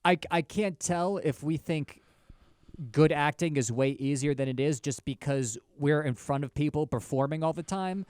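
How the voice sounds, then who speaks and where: A man co-hosting a comedy podcast, chatting in an animated way with jokey asides and swearing. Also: a little high, normal speed, clean tone, dry recording. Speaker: podcast co-host. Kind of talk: casual comedic chat.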